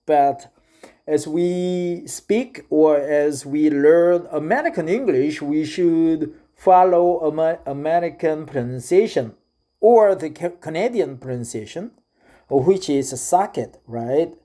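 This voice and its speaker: A middle-aged man from South Korea with a Korean accent, speaking English as a second language in a casual, hesitant monologue full of filler pauses. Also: fairly high pitch, mellow. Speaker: vlogger.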